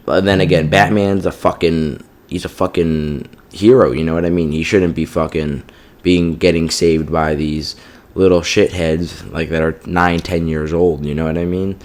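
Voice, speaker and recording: A man with a deep voice delivers a rambling spoken rant about a show. He swears often and keeps checking in with "you know what I mean", sounding fed up throughout. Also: fairly even intonation, moderate pace, a little mellow. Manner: profane and exasperated, heavy use of "like" and "you know what I mean". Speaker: TV show reviewer. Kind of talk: casual ranting review.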